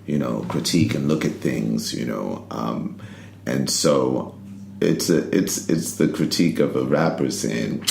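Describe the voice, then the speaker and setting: A middle-aged man with an extremely deep, gravelly voice tells stories in a relaxed, rambling way, full of "you know" and "like." His voice sits in a roomy space with a faint hum of ambience behind it. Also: measured pace. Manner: laid-back, rambling, lots of "you know" and "like". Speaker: interview guest, poet and rapper. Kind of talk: casual interview storytelling.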